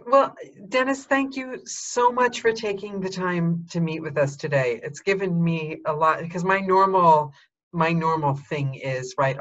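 A woman hosting a casual interview, chatty and enthusiastic, filling pauses with um. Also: low voice, lo-fi sound. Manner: chatty, enthusiastic, quick to laugh, fills with um. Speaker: host.

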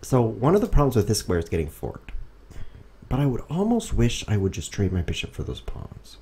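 Guy streaming chess from home, low warm voice, goofy and self-deprecating, big swings up and down, bit of background hiss. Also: a little fast. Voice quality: animated, jumps high when excited, drops to mutters. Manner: goofy, self-mocking, talks to viewers. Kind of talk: casual live commentary while playing. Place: home room. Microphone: streaming setup.

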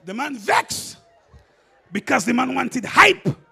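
A man with a Grenadian accent preaching a sermon in church, telling a story with laughter and building to shouts. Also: very high voice, very animated, takes it slowly, gravelly, breathy edge.

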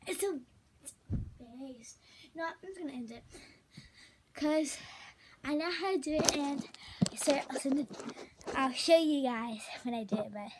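A woman with a high, bright-pitched voice chats loosely through a gymnastics tutorial vlog, recorded on a camera set up on a stand. She rambles from thought to thought and slips into soft, breathy asides. A faint hiss sits underneath the voice. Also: a little slow, long pauses. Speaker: vlogger teaching gymnastics. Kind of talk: casual chatty tutorial vlog.

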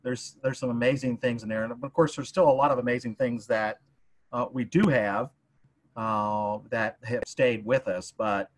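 A man's voice: medium pitch, steady tone, moderate pace. A man, a museum curator, joins a livestream discussion. He talks hesitantly and casually, with many ums and uhs. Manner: hesitant, many filler sounds.

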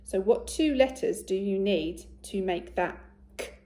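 Slow, mellow-voiced woman teacher. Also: medium pitch. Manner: slow, clear and encouraging, with much praise. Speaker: primary school teacher. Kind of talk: recorded phonics lesson for young children.

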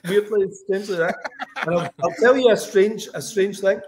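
Over a noisy background, a high-pitched Scottish comic book writer rambles anecdotally on a livestream video call at normal speed. His casual chat is peppered with "like" and "you know."

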